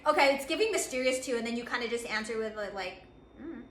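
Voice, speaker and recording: Bubbly high-voiced woman reading oracle cards. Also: fast, roomy sound, slight background noise. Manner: bubbly, excitable, laughs often, acts out other people's reactions. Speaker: tarot reader. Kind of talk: channeled oracle card reading.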